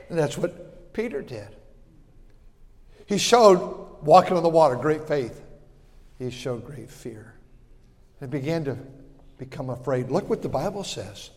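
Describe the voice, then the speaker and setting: High-voiced man preaching in a reverberant church. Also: expressive, a little slow, pauses often. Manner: emphatic preaching, swinging from shouts to hushed confessional tones. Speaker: pastor. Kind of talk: sermon.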